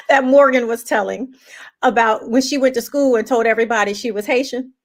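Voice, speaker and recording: A woman co-hosting a casual chat who teases and laughs, with a voice she calls pitchy. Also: normal speed. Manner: laughing, teasing, repeats words when starting. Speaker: co-host who makes the sound bites.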